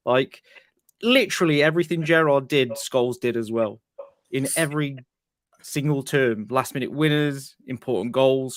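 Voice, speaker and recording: Blunt, sweary English football fan. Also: male voice, mid-range voice, no echo, clean studio sound. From England. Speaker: podcast panelist. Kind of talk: casual football chat.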